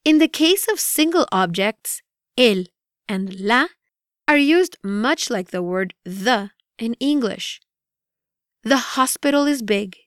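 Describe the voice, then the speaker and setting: A woman reading a scripted language course with a deliberate, evenly paced teaching delivery. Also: on the high side, animated, fairly bright tone, smooth, no room sound, clean studio sound. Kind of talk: scripted instructional narration.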